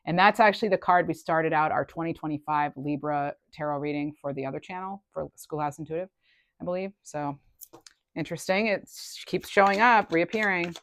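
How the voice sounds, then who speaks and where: This tarot reader is a woman with a fairly low pitch, recorded dry. Her collective reading is casual, with lots of thinking aloud, chatty asides, and sentences that trail off and begin again.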